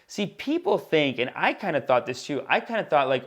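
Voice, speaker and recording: Brief: a male comic podcast host with a slightly high voice, riffing loosely and animatedly to listeners. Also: normal speed, dull audio. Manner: animated, rambling, talks straight to listeners. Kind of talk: casual comedic monologue.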